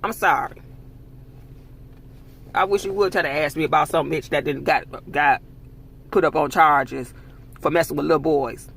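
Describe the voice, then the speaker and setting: Brief: heated man vlogger, raspy and gravelly, slightly high voice, cursing rant. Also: normal speed, pauses often, fairly bright tone. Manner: angry, profane, emphatic ranting. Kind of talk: heated commentary monologue.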